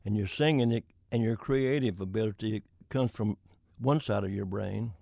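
In an interview, a country singer-songwriter, an older Floridian, spins folksy anecdotes about his career and laughs softly along the way. He talks at normal speed in a lowish, darkish voice with vocal fry, and the studio-quality recording has no room sound.

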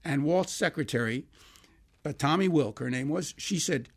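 An older man with a gravelly voice that sits a little high. He tells his stories in an interview, acting out what people said and breaking into laughter. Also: moderate pace. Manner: animated, laughing, acts out quoted dialogue. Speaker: songwriter guest. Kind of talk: anecdotal interview storytelling.

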